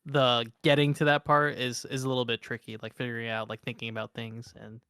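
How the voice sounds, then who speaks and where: A man's voice: medium pitch, flat delivery, brisk, bright, forceful tone, clear, resonant tone, no echo, studio quality. A young man co-hosting a gaming podcast, rambling casually with lots of "like" fillers. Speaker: podcast co-host. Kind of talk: casual chat.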